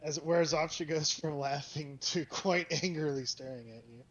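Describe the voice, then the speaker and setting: A man narrating a tabletop game as game master, with a relaxed manner. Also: fairly high pitch, moderate pace, muffled recording.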